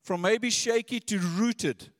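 A man's voice: sits high, takes it slowly, no room sound, clean studio sound, long reverb tail. A man preaching a sermon in an earnest, conversational way, often repeating his words.

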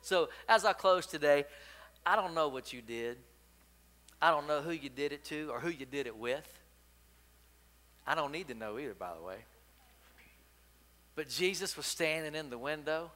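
A man's voice: medium pitch, a bit bright. A man preaching a sermon, emphatic and repetitive, telling stories and praying with his listeners. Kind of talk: sermon with storytelling.

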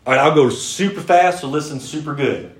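Man, preacher, energetic sermon, quick storytelling, echoey hall. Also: on the high side. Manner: energetic, fast-talking storyteller with bursts of loud mimicry. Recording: echoey room.

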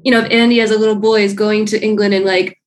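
A woman's voice: medium pitch, flat delivery, fast. An American woman in a casual comedic chat, thinking things through aloud with many fillers. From United States. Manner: analytical, lots of filler "like".

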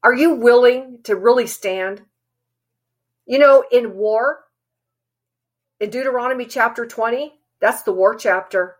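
A woman preaching an earnest, urgent sermon, reading a letter aloud and breaking into emphatic, forceful lines. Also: fairly high pitch, a little slow, long pauses. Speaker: Christian preacher.

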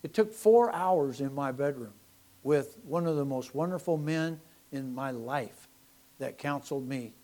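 A middle-aged man preaching a sermon, animated, swinging from loud emphasis to soft asides. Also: medium pitch, measured pace. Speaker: pastor.

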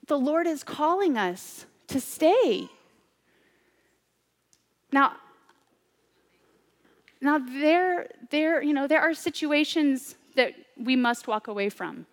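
A woman's voice: high voice, expressive, slow pace, pauses often. Woman preaching in a reverberant hall. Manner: swings between loud urgent preaching and hushed near-whispers. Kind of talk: sermon.

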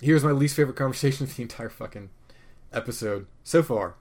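A man casually recapping a TV episode, opinionated and profane, rambling with restarts and swinging between loud rants and muttered asides. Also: mid-range voice, quick pace. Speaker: podcast host reviewing a TV episode.

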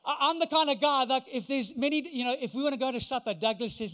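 A pastor giving an animated, conversational sermon, acting out voices of the people in his stories. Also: extremely high pitch, very fast, in a large hall.

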